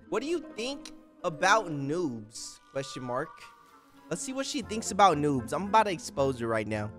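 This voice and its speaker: A young man commentating his gameplay, animated and slangy, reading chat lines aloud. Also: sits high, normal speed, faint music behind. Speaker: gaming YouTuber.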